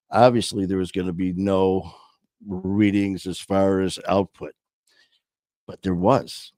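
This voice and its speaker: A man's voice: low-pitched, darkish tone, dry recording, studio quality. A man casually telling a personal story, blunt and profane, with many restarts and trailing phrases. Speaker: podcast host telling his story.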